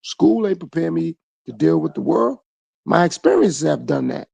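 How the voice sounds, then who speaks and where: A man's voice: on the high side, very animated, normal speed, gravelly, darkish tone, husky, dry recording, dull audio. A man hosting his own podcast, talking through a reflective solo monologue full of repeated phrases and rhetorical questions. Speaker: podcast host.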